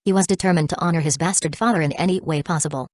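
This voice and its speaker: A woman narrates an audiobook in a steady, even reading. Her voice is low and dry, close to the mic with no room sound. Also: racing, no room sound. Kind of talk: scripted narration.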